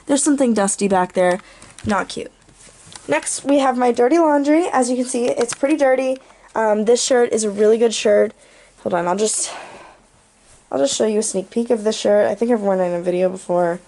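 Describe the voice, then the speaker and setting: Breathless, a young vlogger leads a casual, silly tour of her bedroom for her channel and sprinkles in jokes as she goes. Her voice is a little high and dark-toned, and she speaks at a normal speed.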